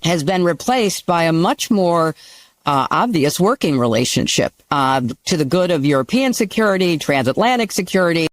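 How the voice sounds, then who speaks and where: A man speaks in a measured, halting way, filling his pauses with uhs. His pitch moves around a lot, and the sound is dry and close. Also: big pitch swings, dry recording. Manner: slow and halting, with many uhs. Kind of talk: measured public statement.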